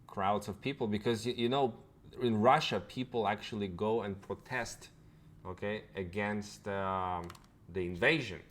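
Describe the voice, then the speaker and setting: Deep-voiced man rambling through crypto news. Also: unhurried, fairly bright tone. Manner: loose and rambling, many fillers and restarts. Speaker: crypto channel host. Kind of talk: casual news commentary.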